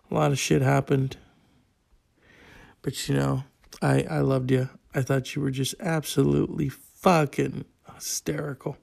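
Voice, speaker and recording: A man's voice: medium pitch, darkish tone. A man hosting a podcast solo, rambling and swearing a lot, with plenty of fillers. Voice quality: gravelly. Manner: profane, rambling, with frequent fillers. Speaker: podcast host. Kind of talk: casual solo podcast monologue.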